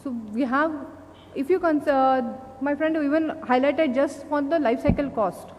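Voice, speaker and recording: A woman with an Indian English accent giving a conference presentation, halting often with fillers and restarts. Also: sits high, a little mellow. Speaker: company speaker at an industry event. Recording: long hall reverb, faint noise.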